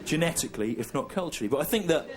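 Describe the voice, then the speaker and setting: A man from England performing a live stand-up routine, deadpan and ironic, with halting self-corrections. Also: a little high. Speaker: stand-up comedian. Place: live comedy venue. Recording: noisy live stand-up recording.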